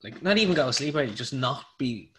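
Irish bloke, young, sports podcast co-host, loose sweary rambling, mid-pitched voice. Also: male voice, animated, quick pace, a bit bright. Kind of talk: casual sports chat.

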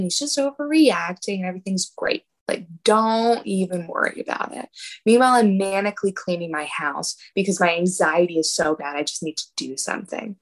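Young woman, casual storytelling, animated, laughs often, acts out quotes. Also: fairly low pitch, a little fast, low-quality recording. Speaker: guest telling a story.

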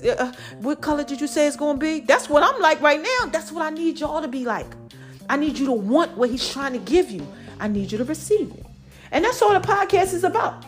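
High-voiced woman podcast host preaching. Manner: preachy, slangy, drawn-out emphasis. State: stuffy nose. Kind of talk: motivational faith talk. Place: at home, new house.

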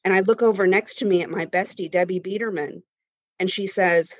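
A woman in her fifties telling a reflective personal story in a measured way. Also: medium pitch, steady tone, no room sound. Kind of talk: personal story told on stage. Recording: dull lo-fi recording.

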